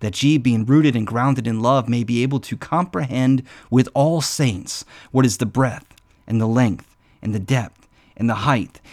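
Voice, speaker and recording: A man preaching in an earnest, conversational way, swinging between hushed and emphatic passages. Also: medium pitch, measured pace. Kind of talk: sermon-style devotional talk.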